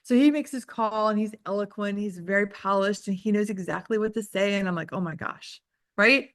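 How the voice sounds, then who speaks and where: This woman's mid-range voice moves briskly as she gives an informal group coaching session on real estate, full of candid, self-mocking anecdotes and frequent "like" fillers. The audio is a clean studio recording without room sound.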